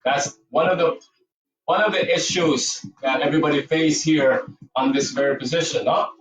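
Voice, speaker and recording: A man's voice: a little high, steady tone, normal speed, echoey room, distant mic, rough recording. A man with a Cebuano accent teaching a movement class, cueing breathing and counting while encouraging students. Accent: Filipino, Cebuano. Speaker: yoga and movement instructor. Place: dance studio.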